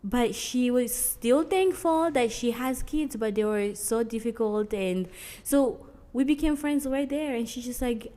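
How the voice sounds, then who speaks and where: Animated woman telling a story. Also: fairly high pitch, a little slow, few pauses. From Mozambique. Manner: animated, acts out quoted dialogue, frequent "like". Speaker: guest. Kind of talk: casual storytelling interview.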